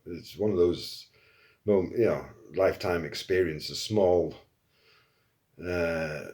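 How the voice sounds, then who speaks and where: Bloke, lowish voice, telling a story casual and swearing a lot. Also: male voice, slow. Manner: animated, swears often, acts out quotes. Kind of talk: casual anecdote.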